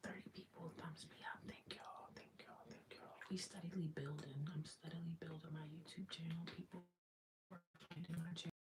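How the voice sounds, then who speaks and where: A woman talks in a hushed, half-whispered voice, speaking as she chats with viewers on a livestream. She keeps her voice down in a small room of a shared house. A clear layer of background noise sits under her voice. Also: flat delivery, brisk. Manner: talking very low, mostly whispered. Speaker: livestream host. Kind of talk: casual livestream chat.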